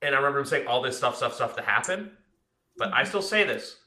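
Fast-talking bright young man, roomy sound. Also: mid-range voice. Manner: excited rambling storytelling. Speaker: podcast host. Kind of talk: casual sports podcast chat.

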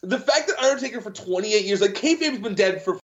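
A man's voice: high voice, animated, a little fast, dull audio. A man talking as a guest in a casual podcast chat, enthusiastic and full of fillers.

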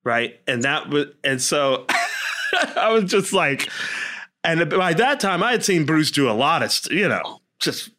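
A man with a somewhat high voice tells a story in a casual chat. He acts out each quote, his voice jumping up and down as he plays the people in it. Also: measured pace. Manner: animated storyteller, acts out quotes with big pitch jumps. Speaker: co-host telling a story.

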